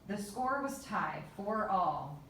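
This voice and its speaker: A woman reading a children's story aloud in a measured, unhurried way. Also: mid-range voice, animated, a bit bright, a little hiss or hum. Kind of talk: storybook narration. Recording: echoey room, voice from far off.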